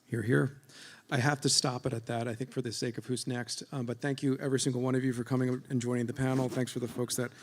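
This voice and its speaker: A man speaks quickly on a conference stage, his voice gravelly with fry. He stops and restarts often and fills gaps with ums. He is wrapping up a panel discussion. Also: mid-range voice, flat delivery. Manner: hesitant, many fillers. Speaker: panel moderator.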